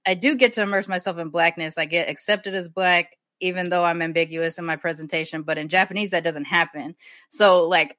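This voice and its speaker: A woman's voice: on the low side, fairly bright tone, dry recording, studio quality. A woman co-hosting a podcast, speaking her mind emphatically with swearing and laughing asides in casual chat. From Sacramento Valley, California. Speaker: podcast co-host.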